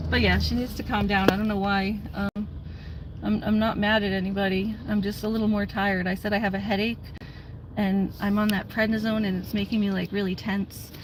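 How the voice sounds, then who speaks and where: A tired woman chats from behind the wheel, loose and rambling with plenty of fillers and quick laughs. She keeps her delivery deliberately calm and low-key. The engine and road noise hum clearly under her voice. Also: low-quality recording. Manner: chatty, laughs often, many fillers like "like". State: tired with a headache. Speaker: vlogger. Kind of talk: casual chat while driving. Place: in a car on country roads. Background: vehicle noise.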